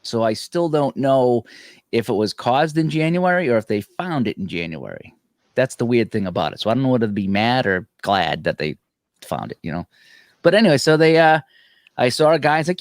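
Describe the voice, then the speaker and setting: A man's voice: mid-range voice, fairly quick, no echo, studio quality. A man co-hosting a live gaming show, casually telling a long personal story, laughing often and acting out what other people said. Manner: animated, laughing, acts out other people's lines. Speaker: podcast co-host.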